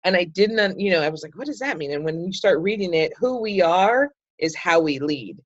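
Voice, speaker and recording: A woman's voice: fairly low pitch, lively intonation, normal speed, dry recording. Woman, middle-aged, chatty group leader, enthusiastic, fillers, dull lo-fi call audio, dry sound. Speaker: group leader hosting a book club call. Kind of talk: casual group talk.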